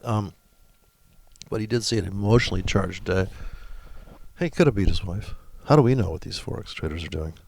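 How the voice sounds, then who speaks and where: Brief: low, gravelly man walking through a chart platform, offhand and mocking. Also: brisk, pauses often, darkish tone, a little hiss or hum. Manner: rambling, sarcastic, crude asides. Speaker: forex trading presenter. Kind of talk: casual screen-share tutorial with mocking commentary.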